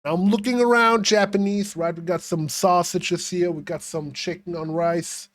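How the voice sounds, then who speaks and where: A man's voice: high voice, steady tone, moderate pace, no echo. A young man streaming a game, chatting casually with viewers, rambling and swearing freely. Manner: swearing, rambling, talking to chat. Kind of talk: casual livestream commentary.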